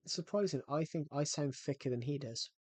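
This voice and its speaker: A man's voice: fairly high pitch, steady tone, normal speed, no room sound. A man streaming a game, chatting casually with viewers and humming as he plays, with a thick accent. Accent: thick regional accent, not named. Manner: chatty, talks to viewers, hums while playing. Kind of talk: casual gameplay commentary.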